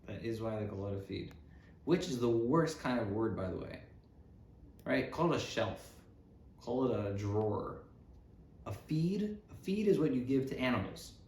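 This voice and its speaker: An expressive, mid-range, slightly mellow voice belongs to a podcast host running a casual comedic talk show at a moderate pace. He rambles, gets sarcastic, and often breaks off partway through a thought. The sound is roomy with faint noise.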